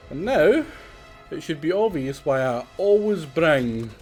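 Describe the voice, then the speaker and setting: A man's voice: fairly high pitch, big pitch swings, measured pace, a little mellow, faint music behind. A man streaming a survival game, chatting casually and explaining his tactics with exasperated asides. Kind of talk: casual gameplay commentary.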